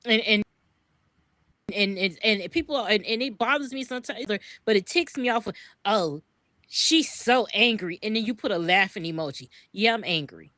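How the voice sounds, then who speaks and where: A woman's voice: mid-range voice, expressive, brisk, pushed and bright, dry recording. A woman co-hosting a podcast, speaking in impassioned commentary, repeating words when worked up and swearing freely. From US East Coast. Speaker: podcast co-host.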